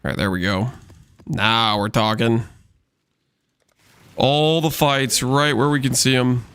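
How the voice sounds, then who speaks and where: A man's voice: medium pitch, steady tone, takes it slowly, a bit bright, smooth, dry recording. A man streaming a video game, chatting casually and rambling with lots of fillers while joking with his chat.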